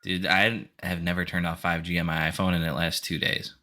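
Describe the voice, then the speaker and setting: A man's voice: low voice, little pitch movement, fairly quick, crowd noise. An American man hosting a casual podcast chat, blunt and opinionated with plenty of swearing.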